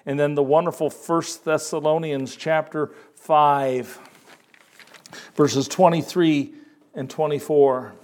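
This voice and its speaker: An older man preaching a sermon, quoting scripture and repeating words for emphasis with expressive swings in delivery. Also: on the high side, slow.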